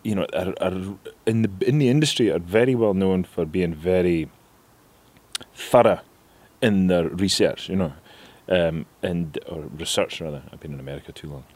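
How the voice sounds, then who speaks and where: Low-voiced northeast Scottish man. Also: normal speed. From northeast Scotland. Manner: rambling, animated storytelling with laughs. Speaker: actor guest. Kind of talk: reflective interview chat.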